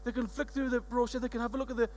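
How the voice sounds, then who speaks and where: A man's voice: very high voice, little pitch movement, rapid-fire, darkish tone. A man quoting a proud woman who owns an upmarket shop, told in an earnest, matter-of-fact way in his own voice. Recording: reverberant conference hall.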